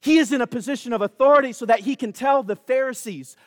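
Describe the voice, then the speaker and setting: A man's voice: very high voice, quick pace, hardly any pauses, no echo, clean studio sound, big-room sound. A man preaching a sermon, emphatic and calling out to the congregation.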